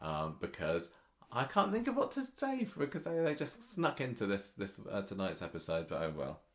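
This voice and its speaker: Playful male podcast co-host, low register, punning and bantering. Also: wildly swooping pitch, moderate pace. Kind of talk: casual chat.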